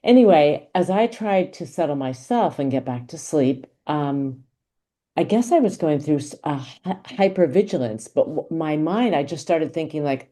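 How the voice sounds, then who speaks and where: A woman in a course session telling a chatty, animated story about a recent night over a video call. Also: sits low, normal speed. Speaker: course participant.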